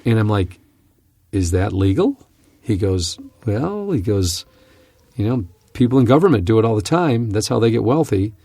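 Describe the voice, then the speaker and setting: Gravelly, low-voiced male Bible teacher. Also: moderate pace, dry recording. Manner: earnest, animated storyteller with frequent restarts. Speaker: Bible teacher and podcast host. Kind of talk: conversational teaching with storytelling.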